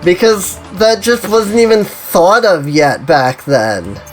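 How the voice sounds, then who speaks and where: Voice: mid-range voice, animated, slow pace, soft background music. A streamer chatting casually while playing an online game, rambling and saying "you know" and "like" constantly.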